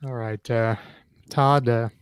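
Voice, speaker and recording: A man's voice: medium pitch, fairly even intonation, slow pace, smooth, no echo. A man hosting a podcast quiz game, easygoing, reading out questions and laughing along.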